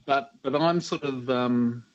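A man in his fifties calling in to a radio quiz, hesitant and thinking aloud with many pauses and filler sounds. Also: medium pitch, dry recording, lo-fi sound. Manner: hesitant, many ums and restarts while thinking. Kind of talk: on-air call-in conversation.

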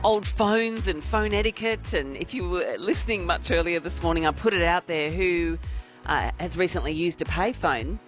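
A woman's voice: fairly low pitch, moderate pace, faint music behind. A woman hosting talkback radio in a chatty, conversational way, reading out listener messages.

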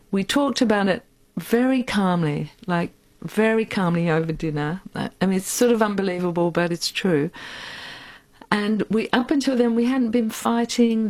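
A woman in her sixties, an interview guest telling her life story in a frank, reflective and unhurried way. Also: mid-range voice, darkish tone. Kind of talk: candid personal storytelling.

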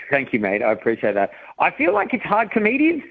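A man's voice: a little high, huge pitch swings, brisk, vocal fry, husky, dry recording, narrow, tinny audio. A man, a comedian guest telling a funny story on radio, laughing often. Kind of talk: casual radio chat.

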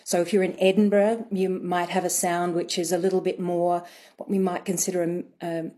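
A woman guest on a radio talk show, explaining patiently and thoughtfully with frequent ums and pauses. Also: fairly low pitch, flat delivery, mellow. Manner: thoughtful, explanatory, many fillers. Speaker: dialect coach guest. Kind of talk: radio interview answers.

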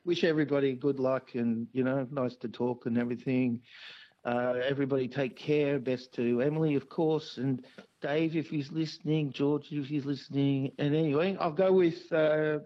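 A man's voice: mid-range voice, steady tone, moderate pace. A man calling into a radio quiz, rambling and hesitant with lots of ums. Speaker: caller. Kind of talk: phone-in chat. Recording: dull phone line.

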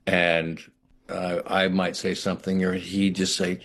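A man's voice: deep voice, steady tone, breathy edge. A middle-aged man, an actor, talking reflectively in an interview, often restarting his sentences. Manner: reflective, halting with many restarts. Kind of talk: interview conversation.

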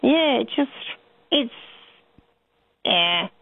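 An older woman, a caller telling stories in a chatty, animated way over the phone. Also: on the high side, very slow, no room sound. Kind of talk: phone-in chat. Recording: tinny phone line.

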